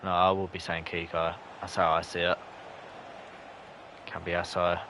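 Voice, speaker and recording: Low-voiced gaming streamer. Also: male voice, completely flat delivery, a little slow, slight background noise. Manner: chatty, bursts into shouts at near misses. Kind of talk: live gameplay commentary and chat reading.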